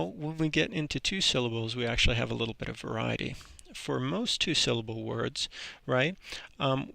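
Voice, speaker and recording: A man teaching an English grammar lesson in a relaxed, halting way, with frequent ums and restarts. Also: mid-range voice, gravelly, dry recording.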